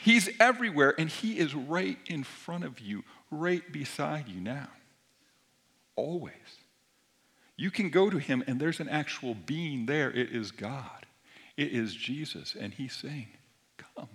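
Man preaching, soft whispers to forceful. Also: fairly high pitch. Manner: swings from forceful emphasis to soft near-whispers. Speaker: pastor. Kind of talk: sermon.

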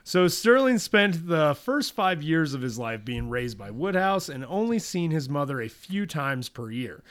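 A man co-hosting a casual podcast chat, excitable and quick to laugh, reading notes aloud between jokes. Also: on the high side. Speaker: podcast co-host. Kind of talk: casual chat about a cartoon series.

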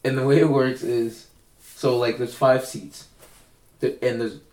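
A man's voice: medium pitch, fairly even intonation, measured pace, darkish tone. A young man telling rambling stories in casual chat, co-hosting a podcast. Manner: rambling, acts out quoted voices. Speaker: podcast co-host. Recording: roomy, distant mic.

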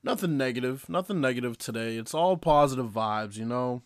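A man's voice: medium pitch, lively intonation, brisk, no echo, clean studio sound. A man in his late twenties hosting a sports podcast, talking casually, brash and profane, chatting straight to his listeners. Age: 20s. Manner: brash, profane and upbeat, addresses listeners directly. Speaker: podcast host.

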